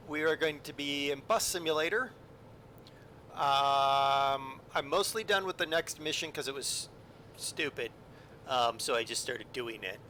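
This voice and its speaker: A chatty man talks through a train simulator on a live stream, tossing corny jokes and filler ums at his chat. His voice sits a little high with a bright, forceful edge. A faint rumble of the game hums underneath. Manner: chatty, jokey, lots of ums and asides to chat. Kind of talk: casual live-stream commentary.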